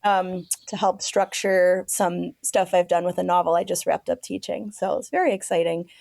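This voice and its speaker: A woman from Staten Island, a teacher playing trivia who thinks out loud. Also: lowish voice, steady tone, creaky, no echo, clean studio sound. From Staten Island, New York. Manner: quick, thinks out loud in a friendly way. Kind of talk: casual chat.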